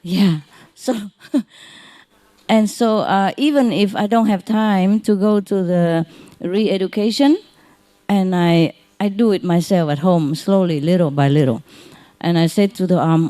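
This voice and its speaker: A woman giving an informal spiritual talk to her followers, gentle and consoling, chuckling often, in non-native English. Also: medium pitch, a little slow. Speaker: spiritual teacher.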